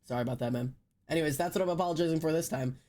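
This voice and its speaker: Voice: mid-range voice, rapid-fire, a little mellow. A streamer chatting casually on a live stream, reading a long list aloud, often laughing and swearing.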